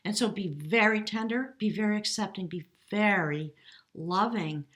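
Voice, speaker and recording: A woman giving a spontaneous tarot reading, speaking gently and emotionally, now and then addressing her spirit guides. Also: mid-range voice, normal speed. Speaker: tarot reader.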